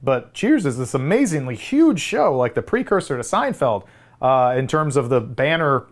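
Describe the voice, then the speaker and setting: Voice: mid-range voice, sing-song, normal speed. A podcast co-host giving emphatic opinions in a casual film discussion. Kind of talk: casual movie-discussion chat.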